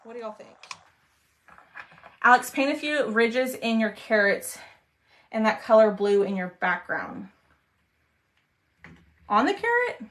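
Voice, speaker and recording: Woman, craft livestream host, chatty, talks to viewers, trails off when focused, crisp bright tone. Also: on the high side, very animated, slow, long pauses. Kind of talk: casual craft livestream chat.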